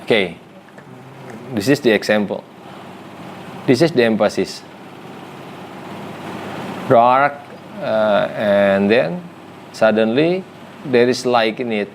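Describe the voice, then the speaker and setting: A man teaching graphic design in a lesson, speaking non-native English with an Indonesian first language, pausing often with fillers and restarts. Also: on the low side, lively intonation, slight background noise.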